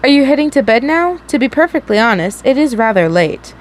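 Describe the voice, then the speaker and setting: A young woman reading the lines of a soft-spoken, courteous man in a fanfiction story, close to her own voice. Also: high voice, sing-song, fairly quick, slight background noise. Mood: polite. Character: soft-spoken refined polite older man.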